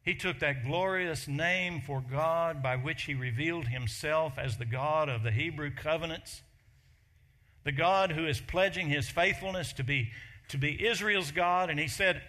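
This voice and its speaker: Bright-voiced preaching man, slowing for emphasis. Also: fairly high pitch. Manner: emphatic preaching, slows and rises on key phrases. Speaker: pastor. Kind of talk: sermon.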